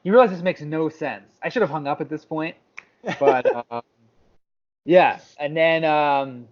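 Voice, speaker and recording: Unhurried and a little high in pitch, this man co-hosts a podcast and tells a story in casual chat. He's an animated storyteller who acts out others' words, recorded in slightly dull lo-fi audio.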